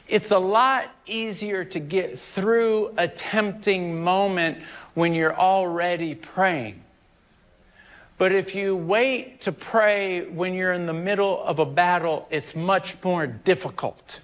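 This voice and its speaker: A man preaching as a pastor, storytelling and then rising to loud shouted preaching before dropping back low. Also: slow. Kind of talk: sermon.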